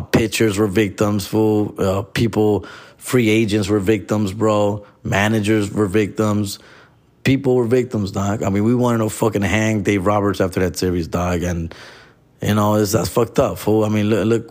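Los comedian, lower voice, heated slangy rant with Spanish mixed in. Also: male voice, a little mellow. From Los Angeles. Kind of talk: profane casual rant.

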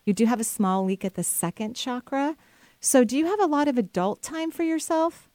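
A woman's voice: sits high, animated, normal speed, no room sound. Chatty woman advice host, dry studio sound. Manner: warm, chatty, laughs often. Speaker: intuitive advice show host. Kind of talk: casual advice to callers.

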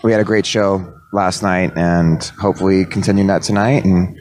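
A man from a band talking in a casual interview, relaxed and upbeat. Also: deep voice, moderate pace, slight background noise. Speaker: band member.

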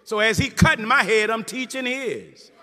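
A man's voice: very high voice, moderate pace, pushed and bright, big-room sound. A man, a Muslim minister, preaching to a live audience in an emphatic way and calling out to the crowd.

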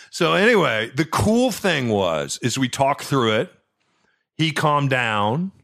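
A middle-aged man hosting a podcast, telling a personal story in a chatty way, stumbling over repeated words and dropping soft and low at the tender parts. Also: very animated, slow pace, creaky. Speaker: podcast host. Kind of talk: casual storytelling.

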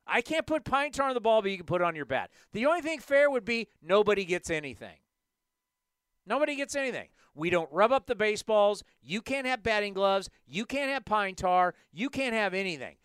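Give me a man hosting a sports talk show, ranting with a smooth, dry studio sound. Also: sits high, fairly quick, no room sound. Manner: animated, emphatic ranting. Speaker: sports podcast host.

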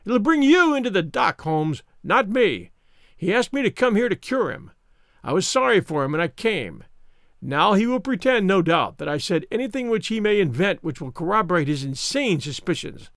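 Man voicing a sneering villain, high snarling voice, swoops wildly in pitch, storybook reading. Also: big pitch swings, normal speed, a bit bright, dry recording, studio quality, heavily acted. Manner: mocking, sneering. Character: sly, menacing male villain, middle-aged.

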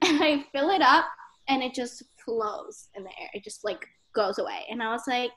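A woman's voice: high-pitched, animated, normal speed, a bit bright. A young woman telling stories as a podcast guest, chatty and giggly, full of "like". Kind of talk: casual storytelling.

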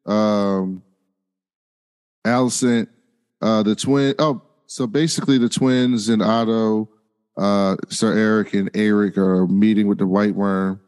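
A man's voice: lowish voice, fairly even intonation, slow pace, darkish tone, clear, resonant tone, long reverb tail. A man co-hosting a podcast, recapping the episode in a laid-back, hesitant way. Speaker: podcast co-host.

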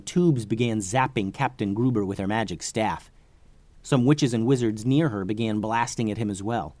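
A man telling an improvised adventure story, animated and rising with the action. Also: medium pitch, no echo.

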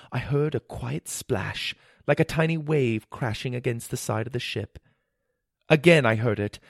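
A man tells a storybook adventure with lively, dramatic delivery, mouthing the sound effects himself. His voice sits at an ordinary pitch, and the recording is close and dry. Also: dry recording. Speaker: narrator. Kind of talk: scripted storybook narration.

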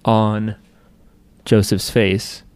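A man's voice: lowish voice, level tone, drawn-out words, darkish tone, clear, resonant tone. A man co-hosting a podcast, chatting casually and jokingly while recapping an anime, acting out characters' lines. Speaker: podcast co-host.

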